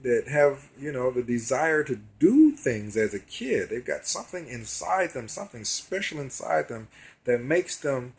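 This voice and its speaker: A man speaks in a casual video monologue, addressing his viewers directly and earnestly. His voice is husky and a little breathy, sitting at a middling pitch for a man. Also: darkish tone. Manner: earnest, talks straight to viewers. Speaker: vlogger.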